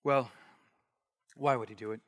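A man preaching an expository sermon, animated, acting out the voices in the passage he reads. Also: mid-range voice, normal speed, in a large hall. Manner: animated, acts out the bystanders' challenge.

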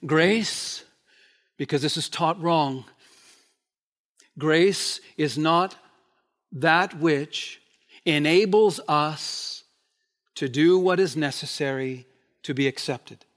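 A man preaching a sermon, emphatic, repeating key phrases and swinging from loud declarations to hushed words. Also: a little high, slow, long pauses. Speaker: pastor.

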